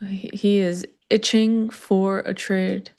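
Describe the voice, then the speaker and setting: A woman's voice: medium pitch, level tone, takes it slowly, darkish tone, clean tone. Woman live-stream co-host, mid-range voice, casual and filler-heavy with the chat. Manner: loose, filler-heavy, talks to chat viewers.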